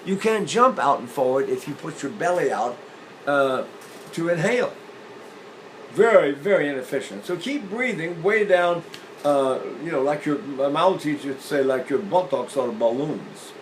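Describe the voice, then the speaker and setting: An older man teaching singing, explaining breathing with lively demonstrations, often repeating and restarting phrases. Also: on the high side, moderate pace, a little hiss or hum, poor audio. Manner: animated, illustrating points with sung demonstrations. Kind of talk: demonstrative vocal lesson.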